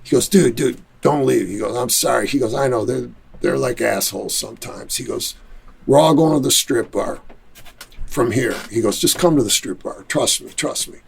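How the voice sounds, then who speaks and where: A man with a Detroit accent telling a lively story in a casual interview, acting out other people's quotes. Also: mid-range voice, moderate pace, vocal fry, slight background noise. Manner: animated storyteller who acts out quotes. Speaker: musician and studio owner, guest.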